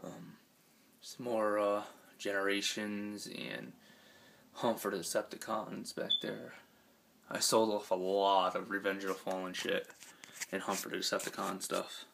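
A man with a deep, heavily gravelly and hoarse voice walks through his collection in a relaxed, rambling way. He speaks slowly and flatly, with plenty of ums and offhand swearing. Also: background noise. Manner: laid-back, rambling, with many ums and casual swearing. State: scratchy, hoarse voice. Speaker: collector giving a room tour. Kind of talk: casual collection walkthrough. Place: his room at home.

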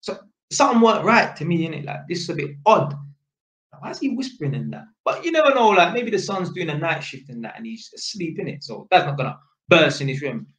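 A man's voice: a little high, sing-song, quick pace, fairly bright tone. A young man with a London accent telling a casual story about his work, in street slang with constant tag questions. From Britain. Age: young adult. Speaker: vlogger. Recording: roomy, slightly dull sound.

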